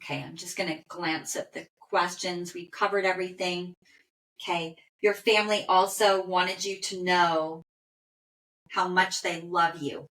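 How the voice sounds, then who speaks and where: A woman animal communicator leading a session, speaking gently and heartfelt, with soft affirmations. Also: lowish voice, steady tone, unhurried. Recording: roomy echo.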